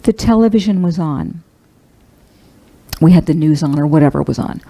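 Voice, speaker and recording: A middle-aged woman minister giving a sermon, telling a personal story in a tender, heartfelt, halting way. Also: low voice, dark tone, rough recording.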